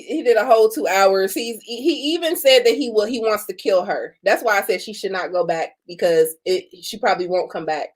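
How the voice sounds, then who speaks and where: A woman hosting a casual reaction commentary, blunt and outspoken, swearing freely. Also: a little high.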